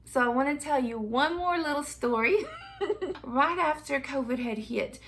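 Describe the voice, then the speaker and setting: A woman vlogger telling a personal story in a casual, animated way, often laughing between phrases. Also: high-pitched, normal speed.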